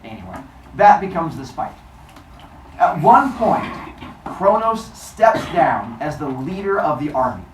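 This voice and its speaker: A man's voice: on the high side, big pitch swings, measured pace, slight background noise. A male teacher telling a myth to a class in a playful, jokey way, recorded in a classroom from a distance. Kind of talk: classroom storytelling. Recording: roomy, distant mic.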